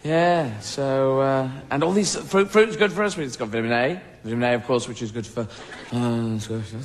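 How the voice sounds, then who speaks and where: A man's voice: mid-range voice, moderate pace, a crowd in the background. An English man doing rambling, playful stand-up comedy on stage, slipping in and out of silly voices. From England. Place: stage in front of an audience.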